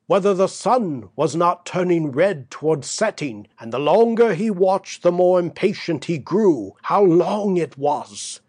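A man narrating a classic story as an audiobook, measured and deliberate. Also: a little high, no room sound, studio quality. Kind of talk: scripted narration.

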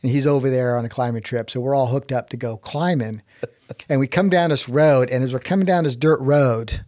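A middle-aged man from Texas telling a story in a casual chat, animated and jumping up in pitch whenever he quotes others. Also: fairly quick, no room sound, studio quality. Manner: animated, jumps up in pitch when quoting others.

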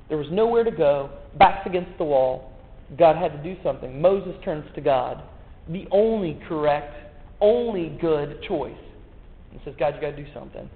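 A man preaching a sermon in a folksy, joking way, full of rhetorical questions. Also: sits high. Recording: echoey hall, tinny phone-like sound.

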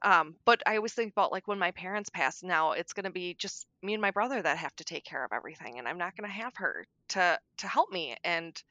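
A middle-aged woman on a podcast, talking candidly about grief, frank and darkly joking, sometimes soft-spoken. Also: fairly low pitch, lively intonation, a little fast, few pauses, dry recording. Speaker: podcast guest.

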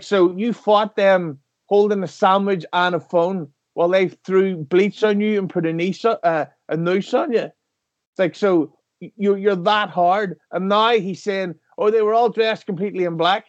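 A man chatting casually on a podcast, telling rambling deadpan jokes with lots of fillers. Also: high-pitched, muffled recording. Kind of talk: casual comedic chat.

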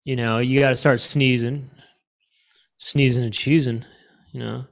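A man's voice: mid-range voice, fairly even intonation, unhurried, creaky. A man co-hosting a comedy podcast, riffing in casual chat with playful bits. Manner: joking, riffs with playful bits and laughs. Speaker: podcast co-host.

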